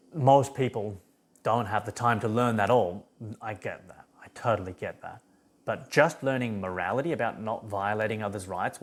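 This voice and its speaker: A man's voice: fairly low pitch, fairly bright tone. A man giving an emphatic, rambling philosophy monologue full of restarts. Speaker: philosophy vlogger. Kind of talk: unscripted monologue.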